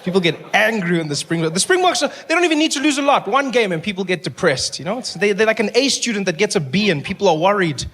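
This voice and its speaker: A man from South Africa with a South African accent, doing animated, mock-indignant stand-up comedy. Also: high-pitched, fast talker, few pauses, some chatter behind. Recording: noisy live stage recording.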